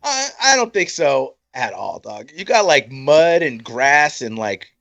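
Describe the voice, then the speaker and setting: A man's voice: medium pitch, sing-song, a little slow, gravelly, a bit bright, lo-fi sound. A young man co-hosting a podcast, laid-back, teasing and swearing casually. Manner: laid-back, swears and teases, says "yo" and "bro". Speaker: podcast co-host. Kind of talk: casual chat.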